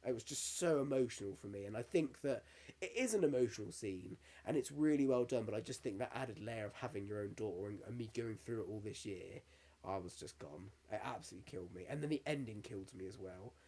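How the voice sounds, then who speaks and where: A man's voice: fairly low pitch, fast, hardly any pauses, dark tone, slightly rough. A man in his thirties, co-hosting a podcast in casual chat, candid and sweary, getting emotional as he tells stories. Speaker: podcast co-host.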